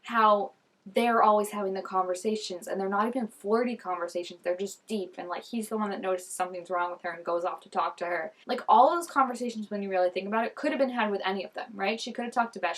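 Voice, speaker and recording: A woman's voice: medium pitch, fairly bright tone. A young woman reacting to a TV episode in casual commentary, chatty and gushing, laughing often and saying "like" a lot. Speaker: TV reaction vlogger.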